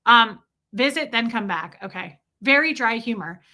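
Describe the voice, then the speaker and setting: A woman's voice: on the high side, lively intonation, normal speed, sharp tone. A woman hosting a livestream, chatting casually and rambling with self-mocking humor as she reads viewer comments. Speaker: livestream host.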